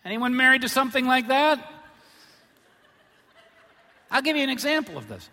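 A middle-aged man preaching a sermon, his voice bright and lively as it swings up and down. He trades self-mocking jokes for sudden loud, pointed emphasis. The sound rings with the long reverb of a large church hall. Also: very high voice, moderate pace, vocal fry. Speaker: pastor.

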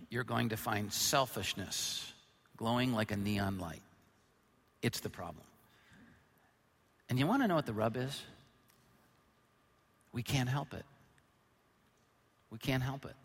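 A middle-aged male pastor preaching a sermon, joking about himself and then hitting points with sudden loud emphasis. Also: mid-range voice. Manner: humorous, self-deprecating storytelling with sudden loud emphasis. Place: large church hall. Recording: long hall reverb.

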